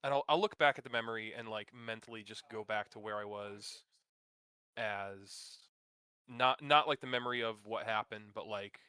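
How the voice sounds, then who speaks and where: A man's voice: on the low side, moderate pace, sharp tone, clear, resonant tone, dry recording. A man playing a tabletop game who speaks in character and often hesitates and stammers. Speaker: player.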